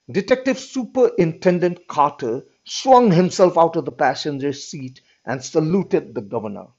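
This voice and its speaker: A teacher with a mid-range, slightly mellow voice reads a story aloud to his class and explains it, frequently checking in with "all right." The recording is dull and lo-fi.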